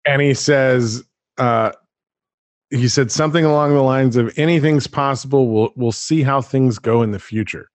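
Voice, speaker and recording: A chatty man hosting a casual podcast chat, animated and quick to laugh. His voice sits at an ordinary middle pitch. The sound is dry and close, with no room around it. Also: no echo.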